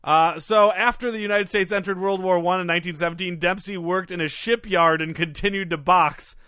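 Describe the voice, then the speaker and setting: A man's voice: high-pitched, steady tone, a little fast, bright, forceful tone, dry recording, clean studio sound. A man co-hosting a casual comedy podcast who reads out facts and then jokes and riffs on them. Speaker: podcast co-host.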